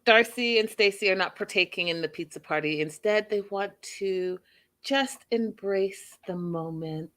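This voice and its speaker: A woman's voice: mid-range voice, unhurried, a bit bright. A woman hosting a show, recapping a reality TV episode in a chatty, emphatic way and addressing her listeners directly. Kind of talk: casual recap commentary.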